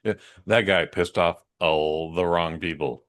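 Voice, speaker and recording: Man, lower voice, podcast co-host, relaxed teasing banter. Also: unhurried, no room sound. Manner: laid-back, teasing banter. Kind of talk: casual comedic podcast chat.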